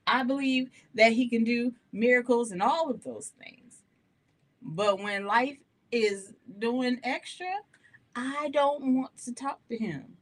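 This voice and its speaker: Animated, laughing woman hosting gospel radio. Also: a little high, takes it slowly. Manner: animated, laughing often, chatty and candid. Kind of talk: live-streamed radio talk, testimony.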